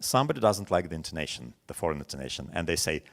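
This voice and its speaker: Russian-accented guy in his 40s, low voice but really animated, teacher-trainer webinar talk with lots of little stories. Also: rapid-fire, few pauses. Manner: storytelling with many examples, animated quoting. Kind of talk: webinar lecture.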